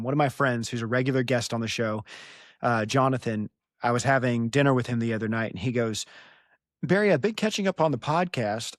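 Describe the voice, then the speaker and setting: A man's voice: medium pitch, dry recording, studio quality. A young American man hosting a podcast, recapping chapters in a rambling, self-deprecating way and laughing easily. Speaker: podcast host. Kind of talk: casual recap chat.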